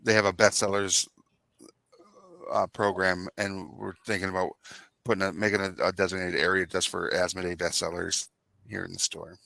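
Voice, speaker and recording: Gravelly, bright-voiced man chatting. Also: sits low, level tone, moderate pace, dry recording. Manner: playful, jokey. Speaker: stream co-host. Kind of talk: casual chat while painting miniatures. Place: game store.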